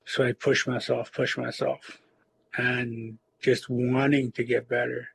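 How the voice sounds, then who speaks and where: A man in recovery telling his personal story in a halting, reflective way, with many fillers and restarts. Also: mid-range voice, little pitch movement, creaky, fairly bright tone, slightly rough, rough recording. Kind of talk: personal testimony.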